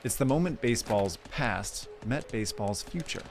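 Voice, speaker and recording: A man narrating a documentary in a polished, measured, scripted way. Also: mid-range voice, animated. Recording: narration over clear music.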